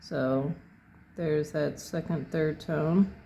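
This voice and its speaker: A painting instructor narrating a tutorial in an unhurried way, thinking aloud step by step as they work. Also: medium pitch, steady tone, vocal fry, dark tone, a little hiss or hum.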